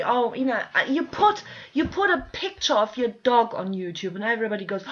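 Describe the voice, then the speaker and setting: Exasperated woman ranting, high voice. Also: expressive, moderate pace, few pauses, a bit bright. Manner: exasperated, pleading, swears often. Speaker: vlogger. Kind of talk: emotional direct-to-camera rant. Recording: dull lo-fi home video sound.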